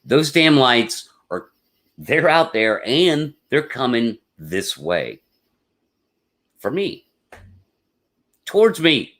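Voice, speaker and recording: A man hosting a live stream, telling a personal story in a casual, rambling way. He gets excitable and repeats his words. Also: medium pitch, extremely slow, long pauses. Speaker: podcast host.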